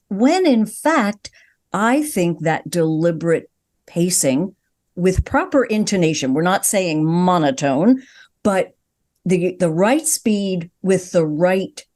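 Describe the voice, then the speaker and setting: An older woman with a mellow, fairly low voice explains her craft as a podcast guest. She talks in an expressive, teacherly way, leaning hard on key words. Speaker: broadcast voice coach and guest. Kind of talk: conversational podcast interview.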